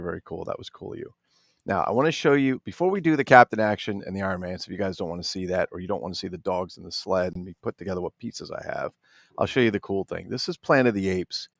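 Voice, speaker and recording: Jersey toy collector, low fry-laden voice, loose and profane, cracking jokes. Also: male voice, fast talker, no room sound, studio quality. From New Jersey. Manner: animated, swears freely, jokey asides. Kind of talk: casual unboxing chat.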